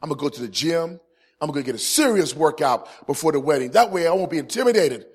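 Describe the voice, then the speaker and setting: A man in his forties in ministry, telling a humorous personal testimony to a live audience. He swings from loud, punchy comic lines to quiet, earnest points. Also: fairly high pitch, animated, fast, breathy edge. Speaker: Christian ministry speaker.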